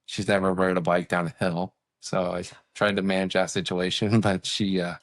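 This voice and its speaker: Very deep-voiced man, easygoing. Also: level tone, normal speed, no echo. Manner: easygoing, short agreeing replies. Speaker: podcast co-host. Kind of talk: casual chat.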